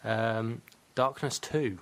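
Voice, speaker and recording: A man's voice: medium pitch, steady tone, very slow. A man hosting a gaming podcast in casual, rambling chat, laughing often at himself. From Britain. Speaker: podcast host.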